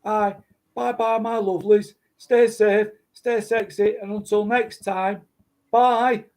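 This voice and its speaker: A man's voice: high voice, fairly even intonation, slow, darkish tone, voice pushed up. A man putting on a northern English accent to play a chirpy man signing off a show, in a breezy, sing-song way. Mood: playful.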